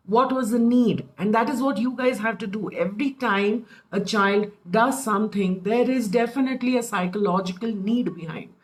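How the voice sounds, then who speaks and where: A woman in her thirties with an Indian English accent, pitched a touch high, spinning animated family anecdotes in a casual parenting talk. She slips into the voices of her relatives as she goes. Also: low-quality recording. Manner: animated storytelling, acts out quoted family members. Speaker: parenting speaker. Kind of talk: informal talk with personal anecdotes.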